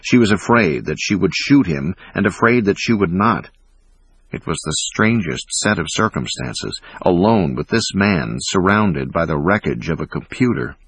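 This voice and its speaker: A man reading a thriller audiobook in a measured, dramatic way. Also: deep voice, animated, slightly rough, no echo. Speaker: audiobook narrator. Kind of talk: scripted narration.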